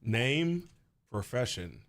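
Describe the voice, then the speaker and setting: A man's voice: medium pitch, sing-song, takes it slowly, reverberant, long reverb tail, noisy background, voice pushed down. A man voicing a stern, cold young male prosecutor who speaks curtly. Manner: curt, stern. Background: game music.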